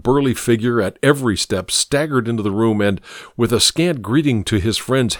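A man reading a story aloud in measured, expressive narration. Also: medium pitch, no room sound, clean studio sound.

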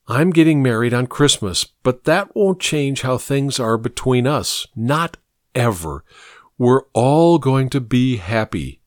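A man's voice: mid-range voice, animated, slow pace, no room sound, clean studio sound. A man voicing an anxious but firm mother in an audiobook, pleading and scolding by turns. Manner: pleading then stern, protective. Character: worried, firm mother, woman in her thirties.

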